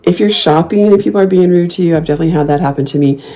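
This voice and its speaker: A woman's voice: on the low side, very fast, dark tone, soft background music. A woman in her fifties talking casually and bluntly, sassy and snarky, swearing freely and slipping into mocking voices when she quotes her comebacks. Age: 50s. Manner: playful mocking put-on voices when quoting herself. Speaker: host. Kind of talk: casual talk to camera.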